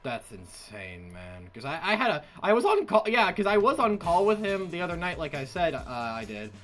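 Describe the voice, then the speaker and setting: Animated man, excitable guest. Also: on the high side, normal speed, soft background music. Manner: animated, excitable, says "bro" a lot. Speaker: comic artist guest. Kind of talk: casual stream chat.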